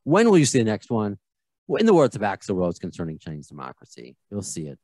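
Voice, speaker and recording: A man's voice: lowish voice, wildly swooping pitch, fast talker, a little mellow, no echo. A man in his thirties hosting a podcast, chatting casually and rambling through his thoughts with frequent self-corrections. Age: 30s. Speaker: podcast host. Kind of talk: casual chat.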